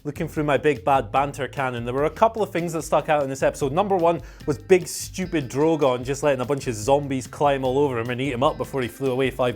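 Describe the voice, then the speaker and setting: Guy on a panel, teasing jokey banter, faint music behind. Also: a little high. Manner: mocking, jokey banter with laughs. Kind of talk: casual chat.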